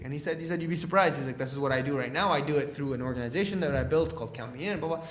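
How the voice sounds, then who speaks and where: A young man from Canada, a guest on a podcast, tells stories in a lively, chatty way and acts out the voices of the people in them. His voice sits a little high for a man. The recording has a noticeable roomy echo. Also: racing, few pauses. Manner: animated storyteller, acts out quoted dialogue with many fillers. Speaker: guest, leadership speaker. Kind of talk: casual podcast storytelling.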